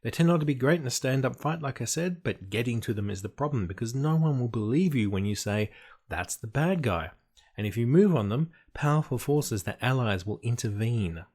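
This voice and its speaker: A man's voice: medium pitch, expressive, a little fast, few pauses, a little mellow, husky. A man giving an explanatory talk on tabletop game design, emphatic and dry, with playful asides.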